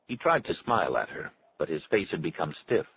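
Deep-voiced man reading a story. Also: sing-song, a little fast, gravelly, dull audio, slight background noise. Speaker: audiobook narrator. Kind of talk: scripted narration.

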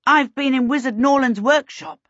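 A woman doing an eager young boy, high and bright. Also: normal speed, no echo, highs cut off. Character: cheerful eager young boy wizard apprentice.

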